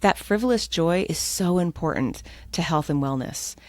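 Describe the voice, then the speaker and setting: A woman's voice: fairly low pitch, lively intonation, moderate pace, darkish tone, dry recording. An American woman, an author, talking with enthusiasm as a guest in a podcast interview. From United States.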